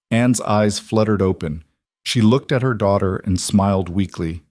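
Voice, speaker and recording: A man narrates a frontier tale in a calm, measured way. His voice sits low, and it sounds close and dry, with no room around it. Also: no room sound. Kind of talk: scripted storytelling narration.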